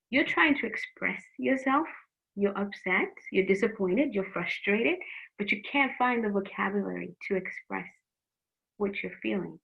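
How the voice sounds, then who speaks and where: Over a tinny, phone-like line, a middle-aged woman with a creaky, mid-range voice teaches teens in a faith-based youth program. She's earnest and frank, often repeating words as she hands out advice.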